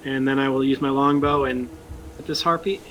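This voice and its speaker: A man's voice: mid-range voice, fairly even intonation, fairly quick, a bit bright, slight background noise, low-quality recording. A man playing a tabletop game, stating his turns in short, plain phrases. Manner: short, plain turn declarations. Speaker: player. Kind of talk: casual tabletop game talk.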